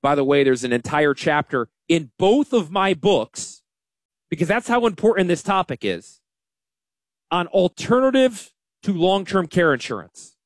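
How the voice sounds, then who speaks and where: A man hosting a financial radio show, talking in a folksy, self-deprecating, animated way. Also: high voice, measured pace, no room sound, studio quality. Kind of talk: casual radio talk.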